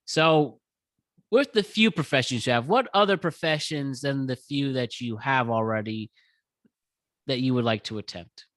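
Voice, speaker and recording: A man hosting a podcast, talking calmly and encouraging his guest. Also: mid-range voice, normal speed, no room sound. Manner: calm, encouraging. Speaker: podcast host. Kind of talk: casual interview chat.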